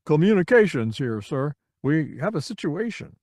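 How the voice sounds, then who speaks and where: A man's voice: fairly high pitch, big pitch swings, moderate pace, a little mellow, no echo. A dutiful, clipped communications officer, voiced by a man in an audiobook, reporting formally. Recorded close and dry. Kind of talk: audiobook character reading.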